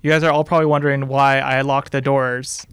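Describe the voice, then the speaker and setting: A man's voice: medium pitch, little pitch movement, a little fast, a bit bright, smooth, no room sound. A man running a game segment on a book podcast, giving theatrical, mock-dramatic intros. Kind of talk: casual book podcast chat.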